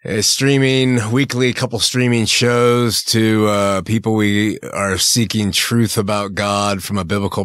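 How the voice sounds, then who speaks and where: A man's voice: fairly low pitch, fairly bright tone, dry recording. A middle-aged man from Southern California, a church pastor and guest, talking candidly and casually in a studio interview, laughing easily.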